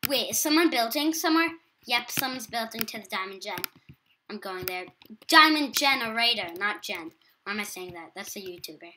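A woman's voice: a little high, lively intonation, unhurried, long pauses, pushed and bright, slight background noise. A teenage girl with an English accent chatting casually while playing a video game, self-deprecating and talkative. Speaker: gaming YouTuber. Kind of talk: casual gameplay commentary.

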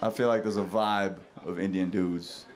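A man performing a stand-up comedy set with a sardonic, deadpan delivery. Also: deep voice, moderate pace. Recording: comedy club set with audience laughter. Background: crowd laughter.

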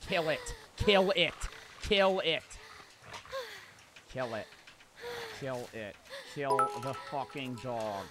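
A young man streaming a game, talking to his chat in a casual, profane, excitable way and breaking into repeated shouted outbursts. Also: medium pitch, slow pace, pauses often. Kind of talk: live gameplay commentary. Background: game music.

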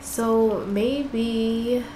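Slow-talking woman narrating gameplay, roomy sound. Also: fairly high pitch, steady tone, dark tone, a little hiss or hum. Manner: frustrated, exclaiming at the game. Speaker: gaming channel host. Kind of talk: casual gameplay commentary.

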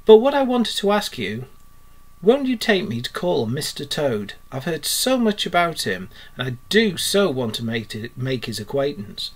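Teacher-read gentle, cautious male mole for a storybook; keep it raised and mild. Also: fairly high pitch, very animated, moderate pace. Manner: gentle, careful, soothing. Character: timid polite young male mole. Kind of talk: storybook reading.

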